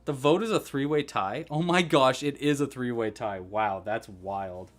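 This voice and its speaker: A man's voice: medium pitch, a little slow. A man hosting a casual crochet-along livestream, chatty and thinking aloud as he works.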